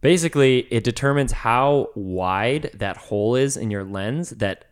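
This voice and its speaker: A man co-hosting a podcast, chatting casually and excitedly, with lots of fillers and casual swearing. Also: mid-range voice, measured pace, smooth. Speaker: podcast co-host. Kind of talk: casual chat.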